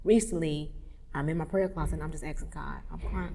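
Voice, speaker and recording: A woman's voice: low voice, a little fast, gravelly. Candid woman telling her story, reverberant room. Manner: candid, swings from hushed to loud animated retelling. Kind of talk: emotional personal storytelling. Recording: long reverb, roomy hall sound.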